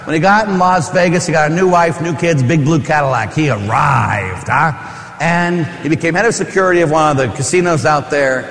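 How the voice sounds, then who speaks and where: Priest preaching in a reverberant church. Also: male voice, a little high, fairly quick, a bit bright. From Pittsburgh. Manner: storytelling, conversational with asides and rhetorical questions. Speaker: Catholic priest. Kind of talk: sermon.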